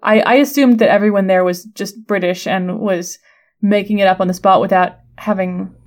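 A woman's voice: medium pitch, fairly even intonation, normal speed. A woman co-hosting a podcast, critiquing a performance in casual chat. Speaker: podcast co-host.

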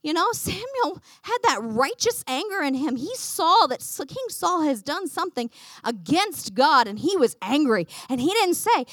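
Animated woman teaching a church lesson. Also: high voice, normal speed, no room sound. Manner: animated, acts out quotes, laughs often. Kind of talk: Bible lesson to a congregation.

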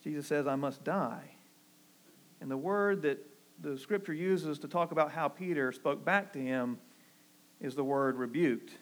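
A Southern man preaching a sermon in an earnest, pastoral way. His voice sits a little high for a man. He swings from emphatic, rising declarations to low, quiet asides. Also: unhurried. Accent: Southern American. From American South. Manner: earnest preaching, rising emphatic on key phrases, dropping low and soft for quotes.

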